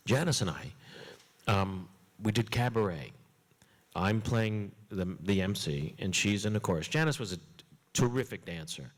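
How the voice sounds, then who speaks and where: A man who is a comedian guest, telling an anecdote in a chatty, animated way with frequent fillers. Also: fairly low pitch, long reverb tail. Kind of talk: storytelling anecdote.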